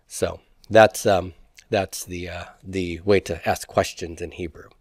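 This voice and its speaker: A man's voice: deep voice, flat delivery, unhurried, darkish tone, no room sound. A man teaching Hebrew grammar in a lecture, who poses rhetorical questions and then answers them himself. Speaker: Hebrew instructor. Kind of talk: classroom lecture.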